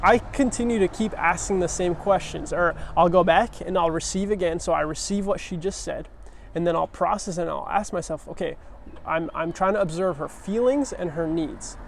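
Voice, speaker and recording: A man's voice: high voice, normal speed, creaky, slight background noise. A man giving a casual, earnest sermon, talking conversationally with frequent restarts.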